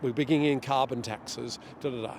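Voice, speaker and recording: A middle-aged man being interviewed outdoors, talking in an animated way and acting out what others say. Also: mid-range voice, normal speed, slight background noise. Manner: animated, storytelling, acts out quotes. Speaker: guest, director of a global governance group. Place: outdoors near a street demonstration.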